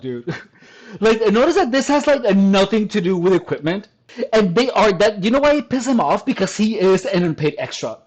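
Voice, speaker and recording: A man's voice: high-pitched, very animated, normal speed, poor audio. Scoffing man mocking online comments. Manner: scoffing, crude, laughs often, stumbling restarts. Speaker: commentary vlogger reacting to comments.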